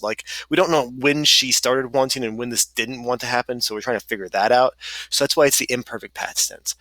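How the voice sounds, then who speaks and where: A man's voice: medium pitch, bright, forceful tone, dry recording. A young man teaching Spanish in a recorded lesson, chatty and self-correcting, explaining each line as he goes.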